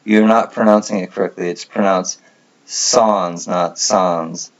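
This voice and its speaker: A man hosts a casual livestream chat, rambling, correcting himself as he goes and laughing often. His voice sits on the low side, with fairly even intonation and a brisk pace. The stream audio is dull and lo-fi.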